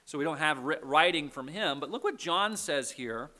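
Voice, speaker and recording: Guy preaching a sermon, chatty, keeps asking "okay?", high voice. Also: lively intonation, normal speed, bright, forceful tone. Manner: conversational, checks in with the audience. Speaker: pastor.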